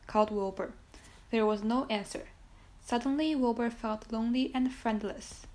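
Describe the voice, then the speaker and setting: Woman gently reading a children's book aloud. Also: fairly high pitch, moderate pace, low-quality recording. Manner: gentle, steady read-aloud with small slips. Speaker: storyteller.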